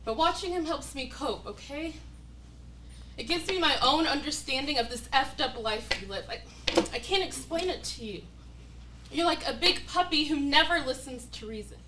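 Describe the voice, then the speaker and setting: A woman's voice: sits high, lively intonation, normal speed, roomy sound, distant mic, noisy background. A woman acting a stage monologue as a desperate young woman torn over a cruel dying man, speaking in an anguished, pleading way. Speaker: acting student. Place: acting studio room.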